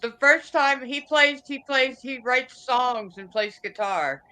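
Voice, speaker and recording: A woman's voice: high voice, slow pace, sharp tone, clear, resonant tone, low-quality recording. A woman from the United States chatting and telling a story in an online voice chat. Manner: chatty, anecdotal. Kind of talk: casual storytelling in a group chat.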